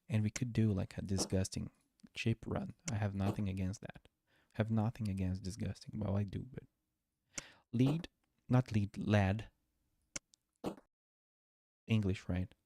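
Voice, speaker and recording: A man's voice: lowish voice, steady tone, normal speed, vocal fry, dark tone, no echo. A man from Brazil, sleepily rambling through casual gameplay stream commentary and cutting himself off mid-sentence. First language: Portuguese. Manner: rambling, self-interrupting, chatty. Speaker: game streamer. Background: faint game music.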